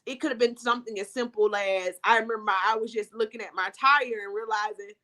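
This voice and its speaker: A woman's voice: mid-range voice, steady tone, a little fast, pushed and bright. A woman author telling her faith testimony in a conversation, earnest and heartfelt, with many "you know" asides. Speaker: author guest.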